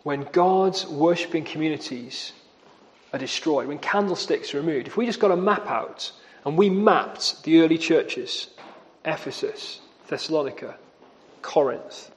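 A man preaching a sermon, earnest and emphatic, repeating key phrases for weight. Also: on the high side. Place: church. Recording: long reverb of a church hall.

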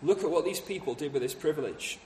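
A man's voice: on the high side, lively intonation, fast talker, warm tone, reverberant, slight background noise. A man preaching a sermon, explaining scripture with rhetorical questions and acting out the voices of townspeople.

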